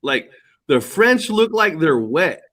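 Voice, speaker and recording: A man's voice: fairly high pitch, very animated, slow pace, a bit bright, a little hiss or hum. A middle-aged man chatting casually as a podcast co-host, rambling and swearing, often laughing. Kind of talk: casual chat.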